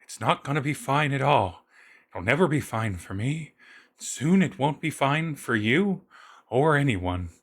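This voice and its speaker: A man voicing an eerie, quiet creature in a tabletop game that repeats bleak warnings. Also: medium pitch, very animated, measured pace, pitched above the performer's own voice.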